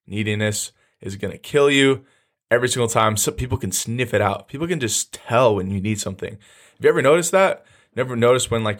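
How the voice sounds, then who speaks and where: A young man hosting a casual podcast monologue, blunt and profane, talking loosely with many restarts. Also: mid-range voice. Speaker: podcast host.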